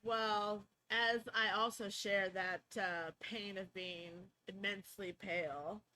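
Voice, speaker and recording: A woman's voice: medium pitch, steady tone, slow, bright, forceful tone, slight background noise, rough recording. A woman hosting a podcast, chatting casually and upbeat, with plenty of filler words. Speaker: podcast host.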